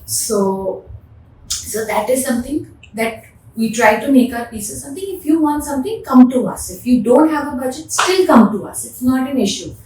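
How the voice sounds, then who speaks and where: A woman's voice: high voice, lively intonation, moderate pace, a little mellow. A woman with an Indian English accent, a furniture designer answering interview questions in an emphatic, passionate way, often repeating words. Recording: roomy, distant mic with faint noise.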